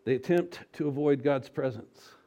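A man delivers an animated sermon packed with rhetorical questions, shifting between loud emphasis and soft, slow appeals. His pitch sits in the middle, and the audio sounds dull.

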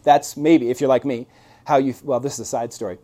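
A man's voice: mid-range voice, fairly even intonation, brisk, background noise. A man preaching a conversational sermon, telling stories with asides and rhetorical questions. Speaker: pastor.

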